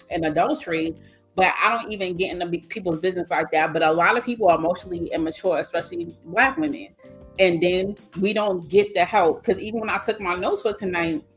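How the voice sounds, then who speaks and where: A woman's voice: lowish voice, a bit bright. A woman, speaking bluntly and animatedly as a guest in a casual podcast discussion, acting out the voices she quotes. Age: 40s. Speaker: guest speaker on mental wellness.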